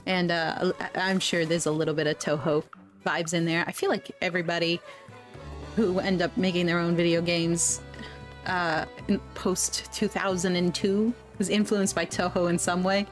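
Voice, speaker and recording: A woman's voice: on the low side, level tone, normal speed, faint music behind. A woman streaming a video game, chatting casually and reading its dialogue aloud. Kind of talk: casual gameplay commentary.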